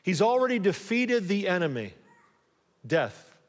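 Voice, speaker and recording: A man's voice: high-pitched, big pitch swings, a little slow. Man preaching in an echoing church. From United States. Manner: call-and-response preaching, rising emphasis. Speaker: pastor. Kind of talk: sermon. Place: church sanctuary. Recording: long reverb of a church hall.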